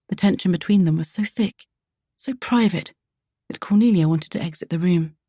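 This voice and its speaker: A woman narrating a romance audiobook in a measured, even way. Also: fairly low pitch, breathy edge, no room sound, studio quality.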